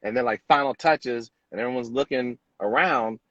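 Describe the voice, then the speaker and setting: A man, a hairstylist, telling a lively story in an interview and acting out the people in it. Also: mid-range voice, normal speed, no echo, muffled recording. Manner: animated storyteller acting out quotes. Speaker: celebrity hairstylist, guest.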